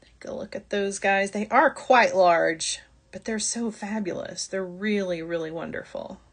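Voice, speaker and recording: A woman's voice: medium pitch, measured pace. A middle-aged woman hosting a live jewelry-making shopping stream, chatty and apologetic, laughing often. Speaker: jewelry-making show host.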